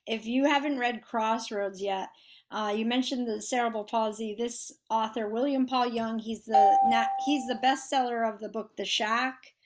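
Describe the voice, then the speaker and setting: A woman's voice: on the high side, fairly even intonation, normal speed. A woman hosting a casual faith conversation, chatty, with many fillers and restarts. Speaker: podcast host.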